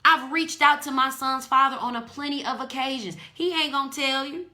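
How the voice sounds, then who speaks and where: A woman's voice: high voice, a little fast, sharp tone. A woman hosting a podcast, delivering an impassioned, preachy monologue with indignant emphasis. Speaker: podcast host.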